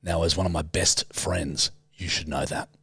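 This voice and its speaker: A man's voice: low voice, steady tone, moderate pace, gravelly, a bit bright, husky, no echo. A man from Australia co-hosting a comedy podcast, judging impressions in a teasing, mock-grumpy way and laughing often. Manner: teasing, mock-grumpy game judge who laughs a lot. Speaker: podcast co-host. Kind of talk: casual comedy chat.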